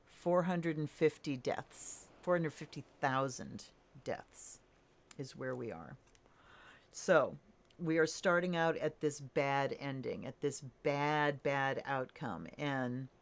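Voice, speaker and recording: Casting note: low-voiced woman, slow and easygoing, casual tarot reader talking to camera. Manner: relaxed, thinking aloud with fillers and soft laughs.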